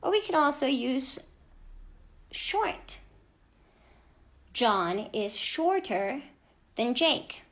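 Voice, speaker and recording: A woman teaching an English grammar lesson to children, speaking clearly and deliberately and stressing each example word. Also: high voice, big pitch swings.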